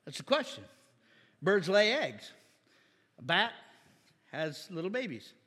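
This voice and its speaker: A man preaches with a high, slightly husky voice. He jokes, fires off rhetorical questions and slips into mock voices. The sound carries the long echo of a church hall. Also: slow. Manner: animated, jokey, acts out mock voices and asks rhetorical questions. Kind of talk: sermon.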